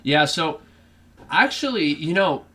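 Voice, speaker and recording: Bright-voiced football fan talking match stats. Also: male voice, fairly high pitch, big pitch swings, slow. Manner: thinking aloud, hedging and correcting himself. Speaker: fan channel host giving live match reaction. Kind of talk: casual live commentary.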